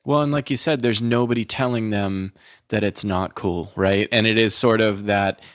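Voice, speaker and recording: A man's voice: on the low side, moderate pace, fairly bright tone, dry recording, clean studio sound. A man hosting a podcast interview, reflective and agreeable, thinking aloud and often affirming his guest. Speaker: podcast host. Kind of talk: casual interview chat.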